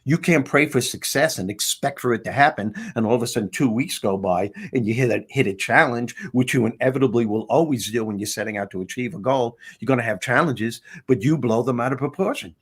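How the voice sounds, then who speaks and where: A man's voice: medium pitch, a little fast, few pauses, husky. A man being interviewed about his book, talking casually and telling its story with animation. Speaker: author guest. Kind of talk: interview conversation.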